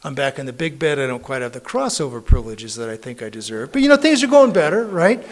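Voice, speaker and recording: A man's voice: mid-range voice, very animated, fast talker. A middle-aged man telling his story as a recovery meeting speaker, conversational and self-mocking, with frequent tag questions. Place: recovery club meeting room.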